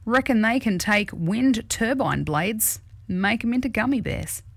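A woman co-hosting a breakfast radio show, chatting casually with lively, animated storytelling. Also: on the high side, unhurried, dry recording.

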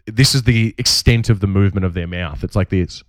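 A man with an Australian accent, from Tasmania, co-hosting a casual podcast chat and breaking into loud put-on accents. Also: low voice, brisk, dry recording. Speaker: podcast co-host.

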